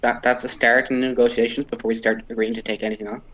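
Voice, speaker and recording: Regular-pitched guy, stammers a lot, earnest, faint clicks in the background. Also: level tone, fast, a bit bright, slight background noise, poor audio. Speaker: player. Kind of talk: in-character tabletop play.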